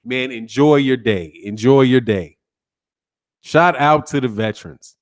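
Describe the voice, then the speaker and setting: A man's voice: mid-range voice, unhurried. A man hosting a casual boxing live stream, greeting viewers by name in a laid-back way and ending most lines with "man.". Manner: laid-back, says "man" constantly, shouting out names. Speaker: boxing YouTube host.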